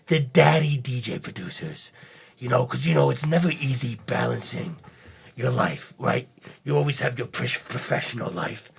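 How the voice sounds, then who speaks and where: Male podcast co-host, laid-back chat, very gravelly and raspy. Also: medium pitch. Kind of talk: casual chat.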